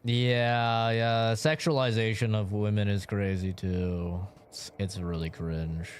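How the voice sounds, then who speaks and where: A man's voice: on the low side, fairly even intonation, takes it slowly, slight background noise. A man streaming a game who chats casually, rambling and swearing often. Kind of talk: casual chat while gaming.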